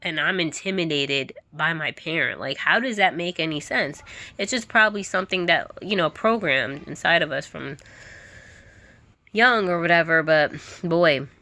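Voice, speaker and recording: A woman's voice: low-pitched, lively intonation, moderate pace, pushed and bright. A woman vlogger giving an emphatic, candid monologue to camera. She often repeats herself and laughs now and then.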